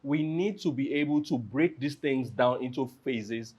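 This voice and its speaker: A man hosting a panel discussion, animated and acting out quoted lines as he talks. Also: medium pitch, measured pace, slightly rough.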